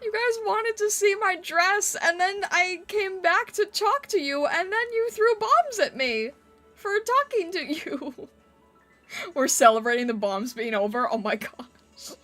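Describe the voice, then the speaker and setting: A woman's voice: extremely high pitch, animated, measured pace, bright, forceful tone, faint music behind. A woman streamer chatting casually with her viewers on a live stream, giggling often as she reacts to their comments. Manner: giggly, playfully reacting to chat.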